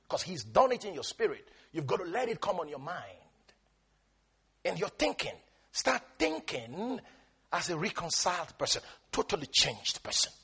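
A man preaching a sermon as pastor, emphatic and calling on his listeners to repeat after him, his delivery moving between shouting and quiet talk. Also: high voice, husky. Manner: emphatic, calls on the congregation to repeat lines.

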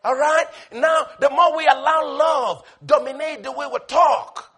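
High-pitched impassioned preacher, man. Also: a little slow. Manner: impassioned, shouting bursts and sudden hushed asides; storytelling with laughter. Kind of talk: sermon.

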